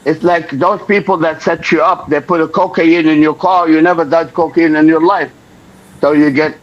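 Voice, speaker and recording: Older guy telling a story, slightly high voice, dull lo-fi sound. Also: normal speed. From Lebanon. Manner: animated, acts out the voices of people in his story. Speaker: interview guest. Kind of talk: storytelling in an interview. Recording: dull lo-fi recording.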